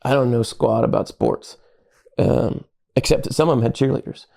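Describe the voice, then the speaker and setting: Gravelly-voiced pastor telling stories. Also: male voice, medium pitch, moderate pace. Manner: animated storyteller acting out quoted dialogue. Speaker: podcast guest, pastor. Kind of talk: casual storytelling conversation.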